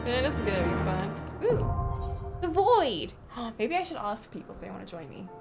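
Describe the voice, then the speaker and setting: A woman's voice: mid-range voice, very animated, fast, gravelly, loud music behind the voice. A woman streamer giving casual, chatty commentary while playing a game, with self-deprecating asides.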